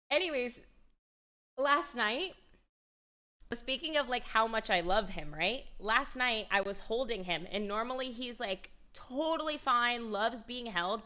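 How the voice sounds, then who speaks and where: A woman's voice: fairly high pitch, sharp tone. A young woman streamer in casual chat, talking freely with lots of fillers and casual swearing.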